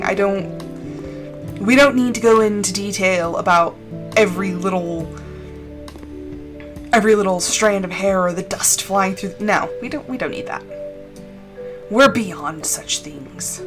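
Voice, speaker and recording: A woman streaming a game, chatting casually and rambling off on tangents in an expressive way. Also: mid-range voice. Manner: animated and expressive. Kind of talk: casual gameplay chat.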